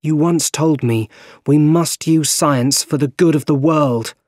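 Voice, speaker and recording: A man's voice: fairly high pitch, unhurried, a little mellow, dry recording, clean studio sound, pitched above the performer's own voice. A man voicing an earnest young male hero in a storybook reading. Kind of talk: storybook character voice.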